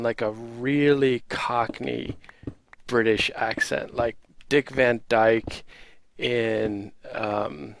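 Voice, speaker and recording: A man's voice: mid-range voice, creaky, fairly bright tone. An American man hosting a casual Minecraft video, rambling with many fillers and self-deprecating asides. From United States. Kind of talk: casual gameplay commentary.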